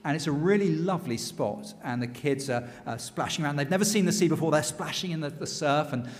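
A man giving a lively storytelling sermon in church. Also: fairly high pitch, a little fast, in a large hall. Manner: lively, animated retelling. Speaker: church speaker.

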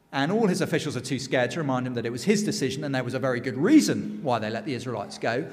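A man giving a lively storytelling sermon in church. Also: mid-range voice, fast talker, few pauses, in a large hall. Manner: lively, animated retelling. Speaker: church speaker.

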